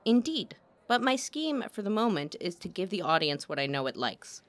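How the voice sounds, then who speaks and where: A woman's voice: lowish voice, very animated, normal speed. A woman voicing a guarded male opera impresario who speaks coolly and dryly. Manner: dry, clipped, coolly sardonic.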